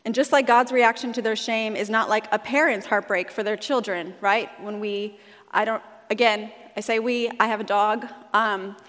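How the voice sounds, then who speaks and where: A woman's voice: medium pitch, steady tone, normal speed, fairly bright tone. A woman pastor preaching a sermon in a conversational, storytelling way, in a church sanctuary. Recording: long hall reverb.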